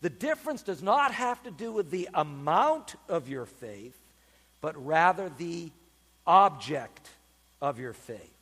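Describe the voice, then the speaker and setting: A male pastor preaching in a church, his high voice leaping up and down as he leans hard on key words. There is a slight huskiness to his tone, and his pauses ring out in a long hall reverb. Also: husky. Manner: animated, emphatic preaching with dramatic pauses. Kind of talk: sermon.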